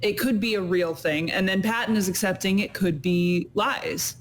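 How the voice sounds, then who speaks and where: A woman's voice: mid-range voice, normal speed, a little hiss or hum. A woman co-hosting a casual fan podcast, chatty and enthusiastic with many likes. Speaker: podcast co-host.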